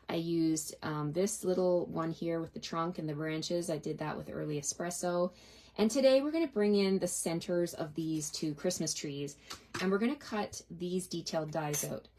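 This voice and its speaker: A middle-aged woman demonstrating card-making in a live tutorial, explaining each step in a chatty way and answering viewer questions. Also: lowish voice. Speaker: craft demonstrator.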